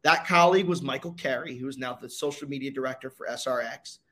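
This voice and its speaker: A young man, a racing driver, telling his story in a casual interview with dramatic pauses and energy. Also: mid-range voice, a bit bright.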